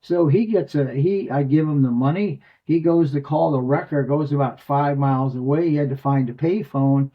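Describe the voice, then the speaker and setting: An older man, a former tax agent being interviewed, telling a rambling, animated story and cursing freely over a video call. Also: on the high side, moderate pace, hardly any pauses. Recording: muffled lo-fi audio.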